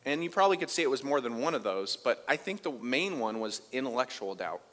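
A man preaching a sermon as pastor, conversational, moving between loud emphasis and quiet asides. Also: mid-range voice, big pitch swings, a little fast. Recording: long reverb of a large hall.

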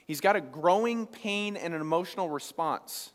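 A man preaching a sermon as pastor, conversational, dropping into quick acted asides. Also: high voice, lively intonation. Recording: long reverb of a hall.

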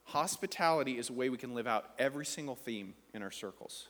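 A man's voice: mid-range voice, expressive, quick pace, few pauses, a bit bright. A man preaching a sermon as pastor, earnest and quoting scripture to a congregation. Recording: long hall reverb.

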